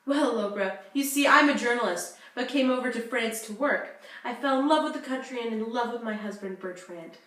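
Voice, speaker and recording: An American journalist opens up in an earnest, confessional voice, played by a young woman in a school skit. Her voice is slightly high and ringing with room echo. She is heard from a distance. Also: fairly quick, a bit bright, lightly acted. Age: young adult. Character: American journalist woman living abroad, divorced. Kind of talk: school-project talk-show role-play. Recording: echoey room, distant mic.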